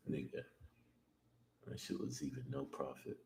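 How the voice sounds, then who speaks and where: Deep-voiced man trading live, thinking aloud. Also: big pitch swings, slow pace, creaky. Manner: self-talk, swears, second-guesses himself. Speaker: day trader streaming live. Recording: roomy echo, faint background noise.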